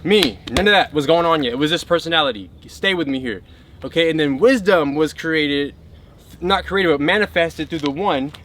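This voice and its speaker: High-voiced man giving an emphatic spiritual talk. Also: normal speed, a bit bright, a little hiss or hum. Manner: emphatic, keeps checking in with the listener. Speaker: spiritual teacher.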